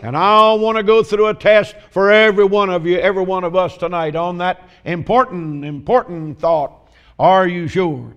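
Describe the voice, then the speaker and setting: A man delivers a sermon in a fairly high voice. He opens with folksy, joking stories, then turns to scripture and leans on slow, emphatic questions. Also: steady tone, a bit bright, smooth, highs cut off. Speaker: preacher.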